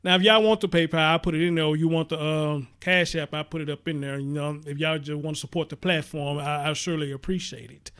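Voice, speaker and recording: A man's voice: a little high, fairly even intonation, quick pace, few pauses, fairly bright tone, clear, resonant tone. A man hosting a live-stream commentary show, talking passionately and profanely and repeating himself as he reacts to viewer comments.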